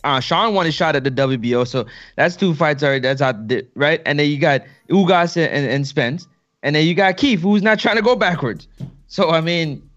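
A man's voice: fairly high pitch, brisk, a bit bright, muffled recording. A man co-hosting a casual boxing talk show, stating blunt, confident opinions. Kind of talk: casual chat.

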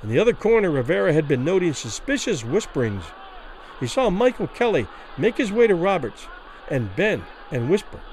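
A man's voice: on the high side, moderate pace, a little hiss or hum, poor audio. A man narrating a classic short story in a dramatic audiobook reading. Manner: expressive, dramatic.

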